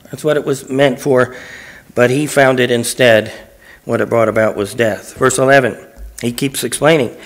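A man's voice: medium pitch, steady tone, normal speed. A man, a pastor in church, teaching through a Bible passage verse by verse, reading each verse aloud and explaining it phrase by phrase in plain, conversational words.

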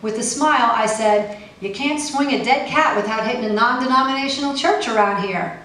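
Fairly high-pitched, fairly quick and a bit bright, a woman poet performs her work at a poetry festival venue, mixing a wry, pointed delivery with casual asides between pieces. The mic is far off in an echoey room with faint ambience.

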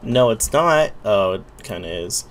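A man's voice: lowish voice, expressive, a little slow, a little hiss or hum. A man giving casual, muttering commentary while playing a video game, swearing when surprised.

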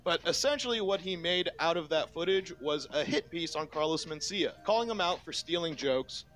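A man narrating a comedy history video in a measured, explanatory way. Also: on the high side, expressive, a bit bright. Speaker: comedy commentary YouTuber. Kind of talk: scripted reaction narration.

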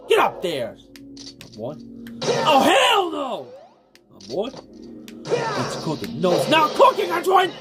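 A gameplay commentator yelling, swearing and trash-talking at a match and at others in the room. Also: sits high, huge pitch swings, takes it slowly, pauses often. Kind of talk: loud profane gameplay commentary. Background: loud game music.

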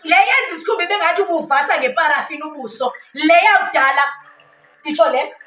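Animated high-voiced South African woman. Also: fast, echoey room, distant mic, soft background music, low-quality recording. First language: Xhosa. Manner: animated, switches languages, laughs often. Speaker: vlogger. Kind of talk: storytime vlog.

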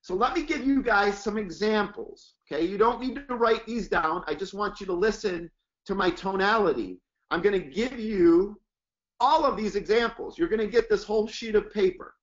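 A man's voice: high voice, normal speed, fairly bright tone, lo-fi sound. A man teaching a sales class, talking emphatically and acting out sample praise lines for phone calls. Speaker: sales trainer. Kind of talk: training lecture with demo lines.

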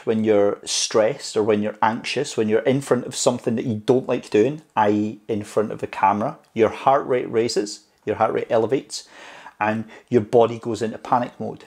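A man with a medium-pitched, slightly mellow voice gives chatty, encouraging vlog advice on talking to camera. He shifts his pace faster and slower to stress points, recorded on a clip-on mic mounted to the camera tripod.

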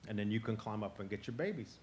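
A man voicing a clever, patient male box turtle who calmly talks others into his plans. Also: on the low side, fast, a little hiss or hum, close to an everyday voice. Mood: calm scheming. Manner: calm, persuasive, coaxing.

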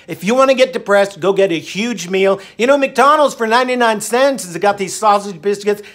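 Talking casually to camera, this middle-aged vlogger has a high-pitched, fairly bright voice and speaks a little fast. He rambles in an upbeat way, occasionally slipping into snippets of song.

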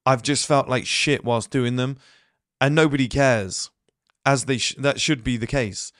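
A man's voice: mid-range voice, a bit bright, no room sound. Blunt man, dry close mic. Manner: blunt, rapid asides and acted-out quotes. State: ill. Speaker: host. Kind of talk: motivational monologue.

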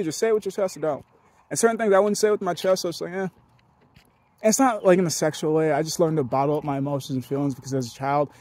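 High-voiced young man, rambling and profane. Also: quick pace, a little mellow, no room sound. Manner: rambling, profane, laughs often. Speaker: podcast host. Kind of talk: casual monologue.

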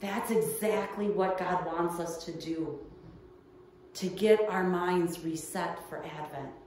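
A woman's voice: on the low side, slow pace, a little mellow, a little hiss or hum. A woman pastor delivering a midweek sermon, telling a personal story in an earnest, storytelling way. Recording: echoey room heard from far off.

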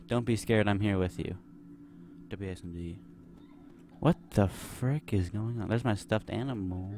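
A man's voice: lowish voice, normal speed, slight background noise. A young man giving nervous, rambling commentary while playing a horror game, full of fillers. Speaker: gameplay commentator. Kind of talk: let's play commentary.

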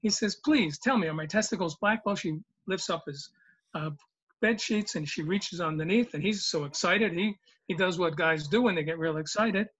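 A man's voice: high voice, moderate pace, a bit bright, husky, muffled recording. A man in his seventies telling the joke of the day in a folksy, rambling way, with lots of ums and uhs. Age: 70s. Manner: folksy, rambling, with many fillers. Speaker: regular joke teller. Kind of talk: storytelling a joke.

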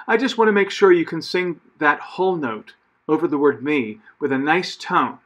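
A man directing a church choir, who explains breathing and cutoffs plainly and patiently. His voice sits a little high for a man, and he often pauses on fillers and corrects himself mid-phrase. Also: fairly bright tone, highs cut off. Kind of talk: conducting rehearsal instructions.

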